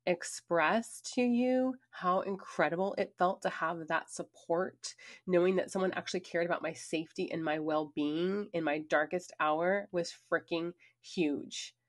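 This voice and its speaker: A woman reading her own memoir aloud in an earnest, emphatic storytelling manner, with casual conversational asides. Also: on the low side. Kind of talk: personal memoir narration.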